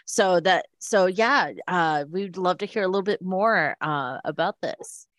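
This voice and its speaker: Low-voiced woman, dry close sound. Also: fairly bright tone, no echo. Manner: reflective, halting. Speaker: podcast co-host. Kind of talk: casual chat.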